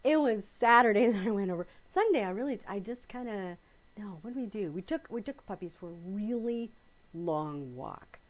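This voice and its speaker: A middle-aged woman hosting a casual live quilting stream, chatting in a rambling, self-correcting way and greeting viewers by name with bright excitement. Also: mid-range voice, moderate pace, low-quality recording. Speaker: quilting channel host.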